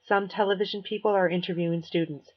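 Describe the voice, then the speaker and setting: A woman reading a novel aloud in first person as an audiobook narrator, measured and clear. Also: on the low side, steady tone. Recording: dull lo-fi recording.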